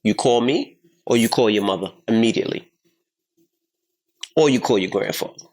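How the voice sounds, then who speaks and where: A man in his thirties co-hosting a casual podcast, telling a story with lots of swearing and loudly acting out the voices of the people in it. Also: on the low side, normal speed. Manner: animated, profane, acts out quotes loudly. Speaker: podcast co-host.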